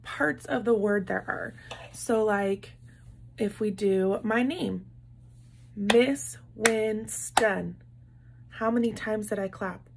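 A woman teacher speaking slowly and patiently to young children, drawing out each word as she counts its parts. Her fairly high voice has a gravelly, slightly husky edge. She keeps praising and coaxing her listeners along. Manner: slow, patient, encouraging, claps out words syllable by syllable. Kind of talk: classroom lesson for young children.

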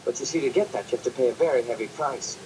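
A man's voice: mid-range voice, quick pace, background noise, natural voice. An actor playing an earnest male alien who reports to his superior in a polite, deferential sitcom manner. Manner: polite, deferential, keeps saying sir. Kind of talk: sitcom acting.

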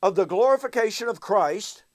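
A man's voice: high-pitched, animated, moderate pace. A man giving a recorded Bible teaching, emphatic and fond of rhetorical questions aimed at his listeners.

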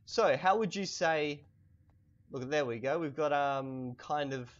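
A young man teaches a language casually while playing a video game, relaxed and chatty, slowly stressing words so they're easy to hear. His voice is fairly high, and the recording is muffled.

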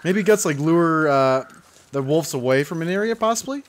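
Excitable young man rambling over gameplay. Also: fairly high pitch, moderate pace. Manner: rambling, self-mocking, jumpy and excitable. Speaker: gaming channel host. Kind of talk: let's play commentary.

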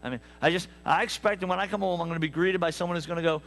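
A man preaching a sermon, telling stories with lively asides to the congregation. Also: high voice, rapid-fire, creaky, few pauses, a little hiss or hum. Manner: animated storytelling with asides to the congregation. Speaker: pastor. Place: church sanctuary.

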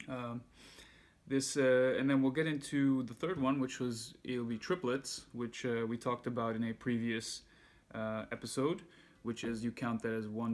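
A man giving a casual music lesson, counting beats aloud in a relaxed way as he demonstrates. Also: medium pitch, moderate pace. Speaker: music teacher. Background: handpan playing.

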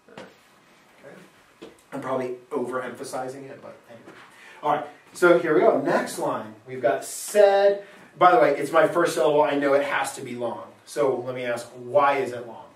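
A man's voice: medium pitch, a little hiss or hum. A man teaching a Latin lesson in a classroom, scanning verse aloud, patiently asking questions and confirming answers. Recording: echoey room, mic far off.

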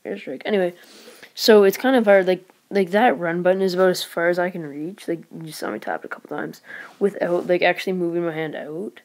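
Excitable low-voiced female gamer commentating. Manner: excitable, rambling, many exclamations. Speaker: gaming channel host. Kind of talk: live gameplay commentary.

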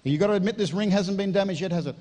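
A man's voice: high-pitched, racing. A man performing a comedy magic act, teasing and joking with the audience and laughing at his own gags. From Australia. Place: corporate event venue. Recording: live show with loud crowd and noise. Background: loud audience laughter and chatter.

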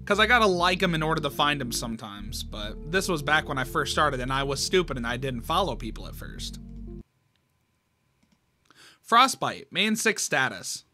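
A man's voice: on the high side, big pitch swings, moderate pace, pushed and bright, soft background music. A man reading a fan horror comic aloud, reacting with surprise and swearing. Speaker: comic reader.

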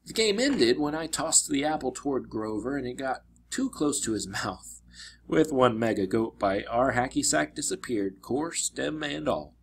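A man reading a children's adventure novel aloud, narrating expressively with dramatic slowdowns. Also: medium pitch, animated, gravelly, slight background noise. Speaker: reader. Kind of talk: storybook read-aloud.

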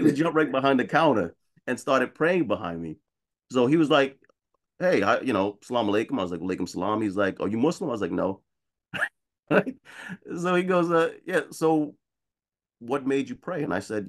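A man on a video call panel telling a personal story in a conversational way, often checking in with "right?" and getting animated when he quotes other people. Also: fairly low pitch. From United States.

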